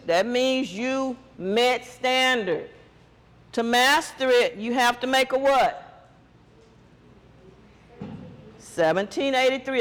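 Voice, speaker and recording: A man's voice: very high voice, fairly bright tone, in a large hall. A man teacher giving a test-prep lesson, quizzing students with call-and-response questions.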